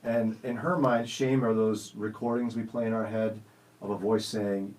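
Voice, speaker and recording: A man's voice: lowish voice, little pitch movement, normal speed, darkish tone, far from the mic, low-quality recording. A man in his forties hosting a radio show, telling stories in a jokey, self-teasing way. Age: 40s. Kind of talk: casual studio chat. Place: radio studio.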